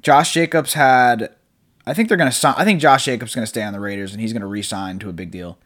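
A young man talks loosely into the mic at home, hosting his own podcast. He rambles in a laid-back way, drops casual swears and laughs a lot. His pitch sits in the middle of the male range. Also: fast, fairly bright tone. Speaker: podcast host. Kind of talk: casual solo podcast chat. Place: apartment room at home.

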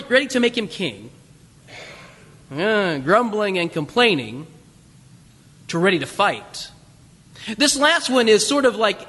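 A man preaching a conversational sermon, animated and chatty, acting out voices from the crowd. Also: high voice. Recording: long reverb of a large hall.

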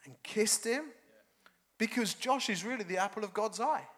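A man preaching a sermon as pastor, animated and jokey. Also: high-pitched, moderate pace. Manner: animated, jokey, laughs often.

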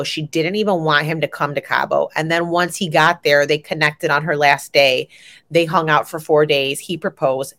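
A young adult woman serves as co-host on a casual podcast about pop culture. She tells stories with lots of animation, swears liberally, and her pitch spikes when excitement hits.

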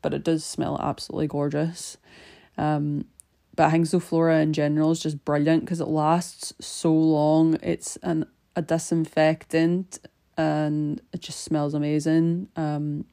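A woman's voice: deep voice, warm tone. A young woman, chatting casually on her podcast while cleaning, rambling with frequent ums. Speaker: podcast host.

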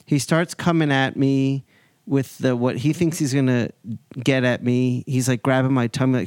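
A man's voice: mid-range voice, normal speed, clear, resonant tone, no echo, clean studio sound. A man in his forties hosting a podcast, chatting casually and acting out other people's lines while he tells a story. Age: 40s. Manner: animated anecdote-telling, acts out other people's lines. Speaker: podcast host.

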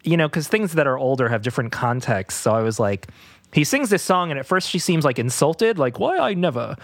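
A man's voice: medium pitch, expressive, a little fast, no room sound. A man hosting a casual podcast about music, rambling with frequent laughs and restarts. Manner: slips into goofy impressions. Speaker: podcast host.

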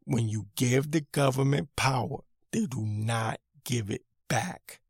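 A man's voice: mid-range voice, takes it slowly, gravelly, husky, no room sound, clean studio sound. A man hosting his own podcast, giving an irritated, emphatic opinion rant and repeating his points for emphasis. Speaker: podcast host.

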